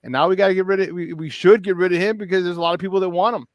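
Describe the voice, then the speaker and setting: A man hosting a morning sports talk show, telling stories in an animated, excitable way. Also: high voice, rapid-fire, dry recording, studio quality. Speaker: host. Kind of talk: casual sports radio talk.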